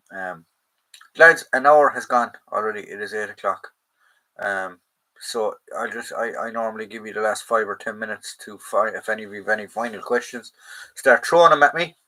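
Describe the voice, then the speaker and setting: A man's voice: fairly low pitch, normal speed, pushed and bright, low-quality recording. An Irish man hosting a casual livestream Q&A, chatting loosely, reading viewer comments aloud and answering them, and correcting himself as he goes. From Ireland. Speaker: host of a live chat stream.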